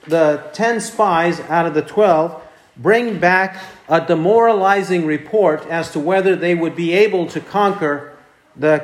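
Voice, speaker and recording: A man preaching an expository sermon, reading scripture aloud and deliberately repeating verse references. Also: high-pitched, echoey room. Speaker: pastor.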